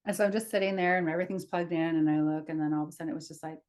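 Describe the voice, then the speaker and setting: This podcast co-host's voice sits low and moves very fast as she tells a personal story in relaxed chat, full of laughter and lively impressions of what others said.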